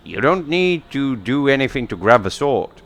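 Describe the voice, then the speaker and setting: A man's voice: mid-range voice, very animated, moderate pace, fairly bright tone. A man running a tabletop role-playing game as game master, patiently explaining the rules and narrating events.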